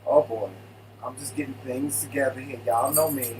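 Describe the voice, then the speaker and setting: A man co-hosting a casual live stream from his living room, greeting viewers in an animated, playful way. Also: medium pitch, normal speed, distant mic, noisy background. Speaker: co-host of a live stream show.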